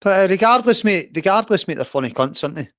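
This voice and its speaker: A man's voice: high-pitched, expressive, fast talker, fairly bright tone, dry recording. A man chatting casually on a livestream call, rambling and saying "aye" and "mate" all the time. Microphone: device on a video call. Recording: dull lo-fi call audio.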